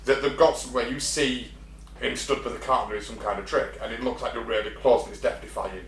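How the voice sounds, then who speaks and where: A man's voice: mid-range voice, steady tone, fairly quick. A man co-hosting a casual podcast chat, swearing, laughing and acting out animal voices. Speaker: podcast co-host. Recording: echoey room with faint hum.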